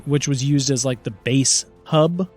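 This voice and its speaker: A man's voice: mid-range voice, measured pace, darkish tone, faint music behind. A man running a tabletop game as game master, narrating playfully and laughing easily.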